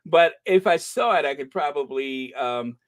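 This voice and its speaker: An American man with a fairly high voice hosts a casual livestream. He rambles and restarts as he chats and reads viewer comments aloud. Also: lively intonation, measured pace. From United States. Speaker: livestream host.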